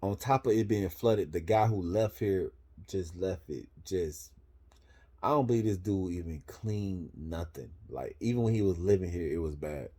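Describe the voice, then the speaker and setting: Deep mellow-voiced dude from florida telling a story, cussing, lots of slang and "boom". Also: male voice, moderate pace. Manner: profane, slangy, punctuates with "boom". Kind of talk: casual storytelling.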